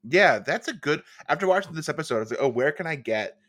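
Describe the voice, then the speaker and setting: A man chatting casually with friends on a podcast, his pitch swinging up and down as he jokes around. He fills his talk with "like" and tells stories with real energy. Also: quick pace. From New Jersey. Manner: animated, joking, lots of "like". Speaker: podcast co-host. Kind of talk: casual chat.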